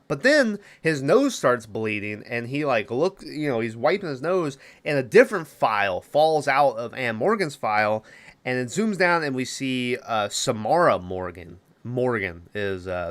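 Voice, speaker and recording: A man hosting a podcast, recapping a film plot in a casual, rambling way, swearing freely and filling pauses with "uh" and "you know". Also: mid-range voice, a bit bright, clear, resonant tone. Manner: profane, rambling, lots of fillers. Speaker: podcast host.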